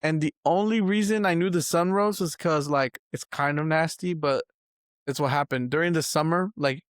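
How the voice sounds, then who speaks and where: A young man in casual podcast chat, his voice sitting a little high for a man. He tells stories with easy laughs and casual swearing. The sound is close and dry. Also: normal speed, no room sound. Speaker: podcast co-host.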